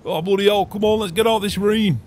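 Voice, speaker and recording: A man voicing a gruff, beer-loving older farmer in game roleplay banter, swearing often and chuckling. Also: on the high side, lively intonation, normal speed. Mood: jovial.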